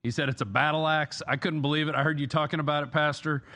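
Male studio staffer, mid-high voice, casual and hesitant. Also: steady tone, sharp tone. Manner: hesitant, halting, with fillers. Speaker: news director.

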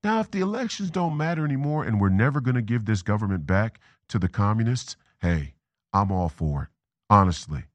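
A man's voice: lowish voice, lively intonation, brisk, no room sound. A man hosting a political talk show, delivering a rambling commentary monologue, repeating and restarting words and drifting into tangents. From Minnesota.

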